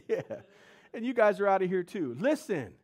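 A man preaching a sermon, telling the story in slangy, animated speech and asking his audience questions. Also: high-pitched, moderate pace.

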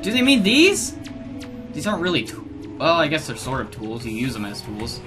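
Excitable young man swearing at a game. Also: fairly high pitch. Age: around 20. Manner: excitable, swears in loud outbursts of frustration. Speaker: gaming video host. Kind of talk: let's play commentary. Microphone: gaming headset. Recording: music playing underneath. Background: background music.

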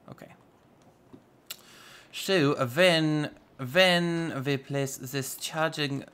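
Chatty gravelly young man gaming. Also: a little high, bright, forceful tone. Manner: chatty, rambling, playful asides. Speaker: Minecraft YouTuber. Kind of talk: casual gameplay commentary.

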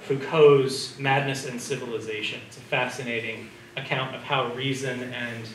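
A man's voice: medium pitch, steady tone, moderate pace. A man giving a public lecture with slides in a conversational way, often checking in with the audience. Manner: conversational, asks the audience questions. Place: community hall or lecture room. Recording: roomy sound from a distance, faint background noise.

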